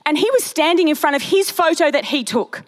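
Brief: young woman, high bright voice, conversational preacher who tells stories and drops asides. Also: fairly quick. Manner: chatty, storytelling, animated asides. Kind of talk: sermon.

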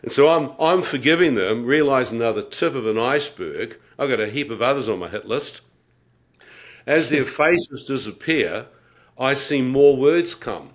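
A middle-aged man, a guest, tells the story of his life-changing conversion in a vivid, wry personal testimony. His medium-pitched voice has lively intonation at a normal speed, and he laughs at himself while acting out his own thoughts.

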